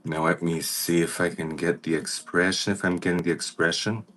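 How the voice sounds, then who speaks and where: A man doing a makeup transformation on a livestream, talking casually to viewers and now and then greeting them by name in an excited high voice. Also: normal speed, soft background music. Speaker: makeup artist vlogger.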